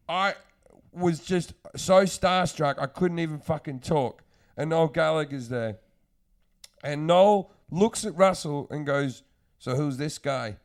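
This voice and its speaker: A man's voice: on the high side, clean tone. Crude storytelling comedian man. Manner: crude, rambling anecdotes with mimicked quotes and laughs. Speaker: podcast host, comedian. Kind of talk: casual storytelling chat.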